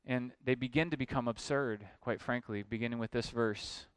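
A man preaching an expository sermon, emphatic and building to forceful points. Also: mid-range voice, steady tone, normal speed, clear, resonant tone, no echo. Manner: emphatic, rising to forceful exclamations.

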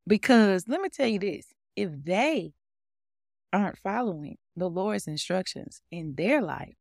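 Woman host, animated devotional teaching, AAVE speech, gravelly voice, dry close sound. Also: medium pitch, unhurried, no room sound. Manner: animated, conversational, laughing often. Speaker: podcast host.

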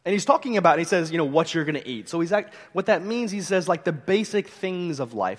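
A man's voice: on the high side, lively intonation, fast, hardly any pauses. A middle-aged man, a pastor, preaching a sermon in an earnest, conversational way and mixing scripture reading with light humor. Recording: long reverb of a hall.

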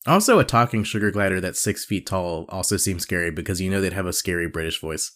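A man's voice: sits low, animated, fast, fairly bright tone. A man co-hosting a podcast in casual chat, joking and rambling with fillers. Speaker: podcast co-host.

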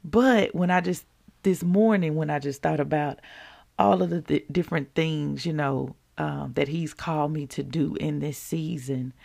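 Woman, devotional speaker; low, heavily creaky voice, emotional and heartfelt, talks straight to her listeners. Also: normal speed, a little mellow. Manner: emotional, earnest, repeats phrases, addresses listeners as y'all. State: teary, close to crying. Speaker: Christian speaker sharing a devotional. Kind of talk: informal devotional talk.

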